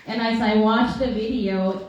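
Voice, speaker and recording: A woman giving an earnest public comment at a community meeting, halting with fillers. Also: on the high side, fairly even intonation, a little mellow. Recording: echoey hall, dull lo-fi sound, faint hiss.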